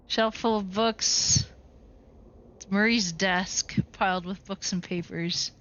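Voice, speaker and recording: Bright playful woman playing a game. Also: medium pitch, fairly even intonation, slow pace. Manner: playful, laughs often. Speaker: let's-play host. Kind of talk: game playthrough with read-aloud narration. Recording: dull lo-fi sound.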